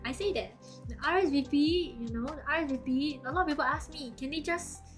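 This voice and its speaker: Young Singaporean woman streamer, high pitch, giggly, rambling chat, faint music underneath. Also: brisk. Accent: Singaporean English. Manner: giggly, rambling, laughs often. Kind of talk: casual chat with live viewers.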